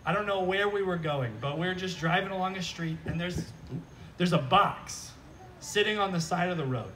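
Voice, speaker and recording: A man's voice: sits high, moderate pace, slight background noise. A man preaching a sermon outdoors, talking conversationally and animatedly and often checking in with "right?", heard from some distance from the mic. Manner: animated, joking, repeats "right?". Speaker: pastor. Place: outdoor church service.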